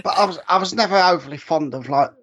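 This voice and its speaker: A man's voice: on the high side, quick pace, fairly bright tone. A man with a London accent, chatting as a podcast guest and often stammering and restarting. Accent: London English. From England. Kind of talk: casual podcast chat.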